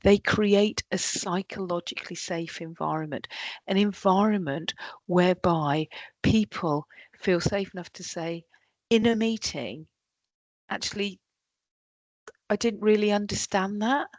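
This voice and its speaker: A woman's voice: mid-range voice, a little slow, dry recording. A woman giving a leadership workshop talk, often acting out what colleagues say. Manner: lively, acts out quoted colleagues. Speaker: workshop trainer.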